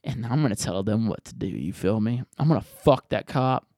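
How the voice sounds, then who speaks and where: A man's voice: lowish voice, expressive, moderate pace, darkish tone, no echo, clean studio sound. A man hosting a podcast, answering voicemails in a rambling, profane, jokey way. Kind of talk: casual podcast chat.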